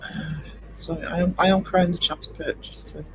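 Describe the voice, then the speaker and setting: Male streamer, higher register, loose chatty delivery with frequent ums. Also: little pitch movement, moderate pace, background noise. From United Kingdom. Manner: rambling, chatty, greets chat by name, many ums. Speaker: livestream host. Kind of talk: casual live-stream chat with viewers.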